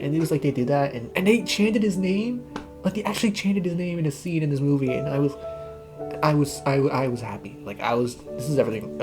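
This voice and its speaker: A young man giving a casual, emotional movie review, gushing excitedly and tearing up as he talks. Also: medium pitch, quick pace, music in the background. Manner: excited, gushing, tearful, says bro. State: crying.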